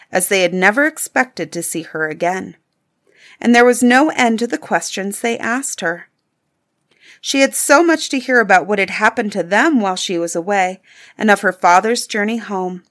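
A woman's voice: medium pitch, animated, normal speed, fairly bright tone. Woman reading a fairy tale aloud. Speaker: narrator. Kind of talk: storybook narration.

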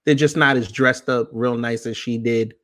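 A man's voice: mid-range voice, steady tone, moderate pace, a bit bright. A man in his thirties from New York, hosting a casual talk show, reading from a book and breaking off with teasing asides. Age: 30s. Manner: loose, joking, with teasing asides. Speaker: podcast host.

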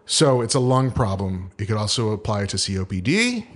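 A man's voice: lowish voice, very animated, normal speed. A man co-hosting a podcast, telling stories in casual comedic chat and slipping into put-on accents for quotes. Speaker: podcast co-host.

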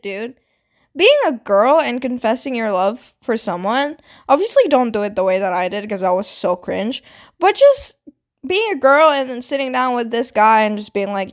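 Animated young woman, higher voice. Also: unhurried. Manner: casual, frequent swearing and "like" fillers; animated, dramatic retelling with quoted voices. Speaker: vlogger. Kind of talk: storytime monologue.

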